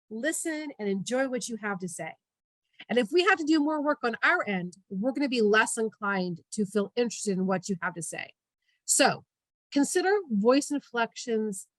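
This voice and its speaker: A woman giving an online workshop on public speaking. She talks in an energetic, emphatic coaching tone over a video call. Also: a little high, dry recording, low-quality recording.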